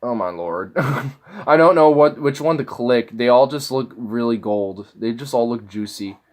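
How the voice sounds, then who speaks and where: A man's voice: mid-range voice, unhurried, a little mellow. A man casually reacting to online videos, mocking and incredulous, swearing freely as he clicks through.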